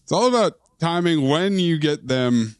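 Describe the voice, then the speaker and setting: A male podcast co-host riffs in loose comedic banter, his pitch jumping around animatedly. The sound is dry and close on a studio mic. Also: moderate pace, clean tone, no room sound. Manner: joking, animated riffing. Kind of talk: casual comedic chat.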